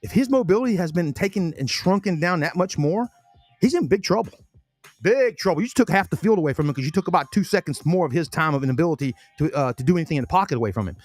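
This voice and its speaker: A man's voice: a little high, animated, fast talker, a little mellow, no room sound, faint music behind. A man hosting a casual sports podcast, talking in a rambling way, often repeating words and eating as he talks. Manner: chatty, repeats himself, talks with his mouth full. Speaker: podcast host.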